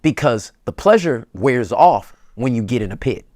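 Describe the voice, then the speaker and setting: A man, a pastor as guest, giving relationship advice in a colloquial, emphatic preacher-like way that builds to excited peaks. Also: medium pitch, normal speed, no echo, studio quality.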